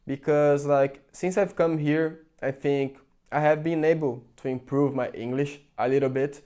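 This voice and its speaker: A man's voice: a little high, fairly even intonation, a little slow, mellow. A young man from Brazil, speaking English with a Brazilian Portuguese accent, giving an earnest, chatty opinion to his viewers with lots of "like" fillers. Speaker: vlogger. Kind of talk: casual opinion talk to camera.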